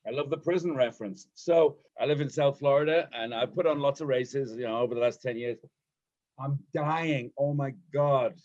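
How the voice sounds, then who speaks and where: A British man trading jokey banter as a podcast co-host. His mid-pitched voice comes through a slightly muffled, lo-fi call line. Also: darkish tone. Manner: joking, quick-witted teasing. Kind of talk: casual banter.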